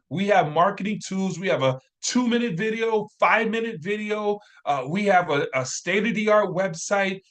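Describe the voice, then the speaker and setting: A man giving an energetic, repetitive motivational sales training talk, hyping urgency. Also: high voice.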